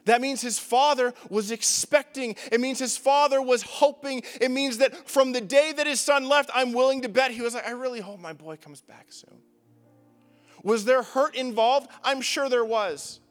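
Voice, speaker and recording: A man's voice: extremely high pitch, fairly even intonation, normal speed, few pauses, long reverb tail, faint music behind. A young man preaching a sermon, casual and joking, with lots of filler words. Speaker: pastor. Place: church hall.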